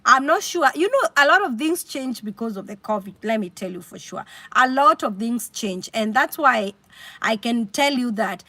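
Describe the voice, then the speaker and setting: Kenyan-accented woman, high voice, dry close sound, animated livestream chat. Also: normal speed, no echo. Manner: animated, chatty, mixes in Swahili. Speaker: livestream host. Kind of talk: casual livestream chat reading comments.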